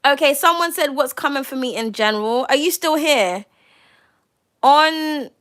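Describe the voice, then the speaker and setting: High-pitched excitable woman on a tarot livestream, forceful bright voice, swears a lot. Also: measured pace. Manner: excitable, chatty, swears freely. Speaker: tarot reader. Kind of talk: live-stream tarot reading.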